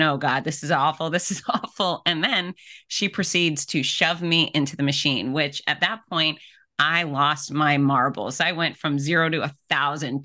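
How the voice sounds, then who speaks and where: A middle-aged woman, a guest on a podcast, telling a personal story in a vivid, expressive way. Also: low-pitched. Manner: vivid, expressive, with laughs and acted-out quotes. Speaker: podcast guest, fitness expert and speaker. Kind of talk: animated storytelling in an interview.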